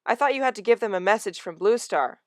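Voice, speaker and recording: A woman's voice: medium pitch, expressive, dry recording, studio quality, pitched above the performer's own voice, natural voice. A woman voicing a young male apprentice cat who is bold, eager and playful. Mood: friendly. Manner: eager, quick to tease.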